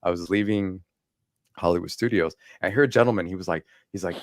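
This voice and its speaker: Man, very low voice, casual podcast chat, animated storyteller, dead-dry sound. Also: fast talker, no echo. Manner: animated storyteller, acts out quoted lines, laughs often. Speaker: podcast co-host.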